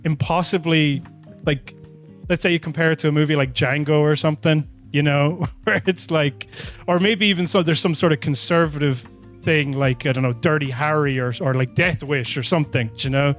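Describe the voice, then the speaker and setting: Rambling man with a higher voice. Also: steady tone, normal speed, soft background music. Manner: rambling, self-interrupting, laughs often. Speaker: podcast co-host. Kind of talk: casual film discussion.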